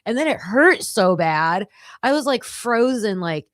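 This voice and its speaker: A woman hosting a livestream, chatting casually with her viewers and telling stories in an animated way. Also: medium pitch, normal speed, no room sound, studio quality. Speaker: livestream host covering a trial.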